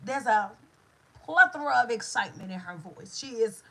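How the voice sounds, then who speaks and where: A middle-aged woman speaks with a bright, forceful tone that carries a husky edge. She delivers a motivational talk as a manifestation coach, repeating key lines like a preacher and breaking into lively asides. Her voice sits a little high for a woman. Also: moderate pace, low-quality recording.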